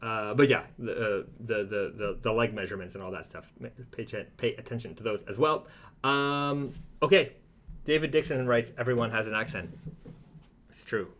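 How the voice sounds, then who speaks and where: A man's voice: mid-range voice, moderate pace, fairly bright tone. A man from Canada with a Toronto accent, co-hosting a live stream, casually chatting and reading viewer comments with lots of fillers and restarts. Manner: rambling with many fillers and restarts. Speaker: co-host of a brand live stream.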